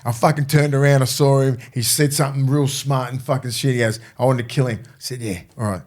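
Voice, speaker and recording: A man's voice: mid-range voice, steady tone, brisk, a little mellow. A middle-aged Australian man co-hosting a rugby league podcast, blunt and profane, animatedly retelling conversations in casual chat. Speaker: podcast co-host, former rugby league player.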